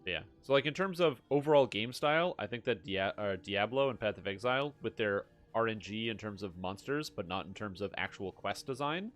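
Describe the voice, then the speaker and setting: A man's voice: lowish voice, expressive, a little fast, few pauses, a bit bright. A man streaming a game, chatting casually, joking around and answering his chat in a rambling way. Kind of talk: casual gameplay commentary.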